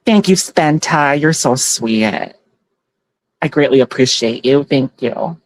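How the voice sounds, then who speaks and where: A woman's voice: a bass voice, animated, slow pace, no room sound. A woman hosting a casual tarot livestream on her phone, chatty and giggly, thanking viewers by name as she reads their comments. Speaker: tarot reader and livestream host.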